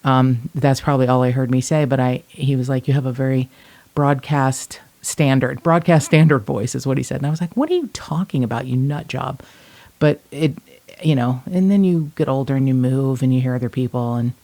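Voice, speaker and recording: A woman's voice: extremely low pitch, steady tone, a little fast, dark tone. A woman from Northern Kentucky co-hosting a true-crime podcast, telling stories in a blunt, salty, casual way. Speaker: podcast co-host.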